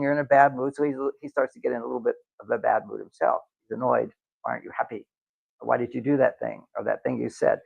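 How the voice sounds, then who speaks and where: A man's voice: mid-range voice, creaky, dull audio. A man giving a live talk to an audience, lecturing and acting out quoted voices. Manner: lecturing, acts out quoted voices with lively swings. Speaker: workshop speaker.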